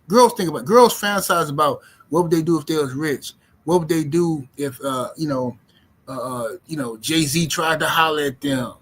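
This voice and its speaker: Middle-aged male livestream host, husky tone, animated slang delivery. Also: a little high. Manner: animated, slangy, repeats himself. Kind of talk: casual livestream talk. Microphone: streaming mic.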